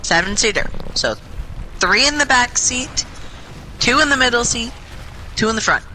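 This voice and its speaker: Bright-voiced young woman telling a chatty story. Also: on the high side, moderate pace, a little hiss or hum, low-quality recording. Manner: chatty, animated, swears freely. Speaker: gaming group member. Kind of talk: casual storytelling in game voice chat. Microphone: headset or desk mic in online voice chat.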